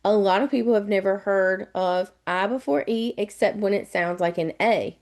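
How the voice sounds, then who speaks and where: Southern US woman, test prep tutor, chatty, repeats each step, mid-pitched. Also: moderate pace, a little mellow. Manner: chatty, repetitive step-by-step explaining. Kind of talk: live online webinar lesson.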